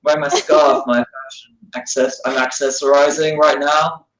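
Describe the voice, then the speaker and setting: A man's voice: a little high, level tone, moderate pace, lo-fi sound, a crowd in the background. A man from London with a London accent, a musician joking and teasing playfully in a casual interview. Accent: London English. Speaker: musician guest. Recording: roomy echo.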